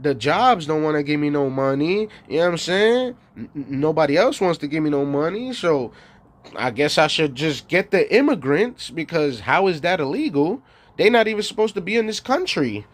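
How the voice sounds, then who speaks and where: A man's voice: fairly high pitch, sing-song, normal speed. A man giving a rambling, profane monologue as a streamer, bragging and laughing often between lines. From New York.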